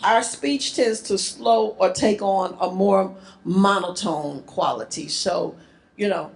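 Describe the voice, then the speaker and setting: A woman's voice: medium pitch, slow. A woman co-presenting a seminar on communication in marriage, teaching with playful banter and acting out short dialogues in little character voices.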